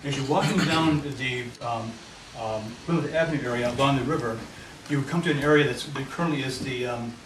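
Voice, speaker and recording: A man's voice: mid-range voice, brisk, few pauses. Guy presenting his neighborhood plan at a meeting, mic far away, lots of background noise. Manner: walks listeners through a handout map. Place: meeting room. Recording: echoey room, mic far off, noisy.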